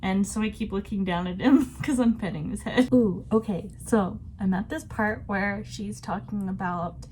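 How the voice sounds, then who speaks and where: A woman's voice: mid-range voice, normal speed, few pauses, a little mellow, slight background noise. A woman vlogging about a book she is reading, in a chatty, reflective way. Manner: chatty and reflective, laughs often. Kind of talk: casual book discussion.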